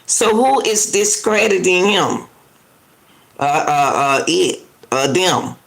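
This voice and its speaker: A woman's voice: on the low side, lively intonation, slow pace, gravelly. A woman doing live reaction commentary, indignantly arguing back at a news clip and talking straight to her viewers. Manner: indignant, argues back at the clip, repeats herself; casual and talkative, addresses viewers directly.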